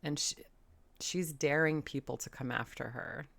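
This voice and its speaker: A woman's voice: low-pitched, steady tone, unhurried, vocal fry, fairly bright tone. A woman hosting a reaction video, giving blunt, exasperated commentary and swearing casually. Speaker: commentary host.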